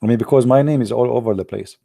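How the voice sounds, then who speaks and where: Middle-aged guy, english not his first language, sarcastic host ranting at a desk mic, gravelly dark voice, dry close sound. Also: medium pitch, quick pace, no room sound. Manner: sarcastic, repeats words, says "my friend". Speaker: online show host. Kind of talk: casual live commentary.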